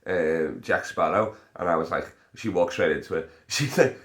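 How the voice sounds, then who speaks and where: A man's voice: sits low, animated, unhurried, sharp tone. A young man telling a rambling, sweary story as a comedian hosting his podcast. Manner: rambling, swears a lot, frequent fillers. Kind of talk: casual storytelling chat.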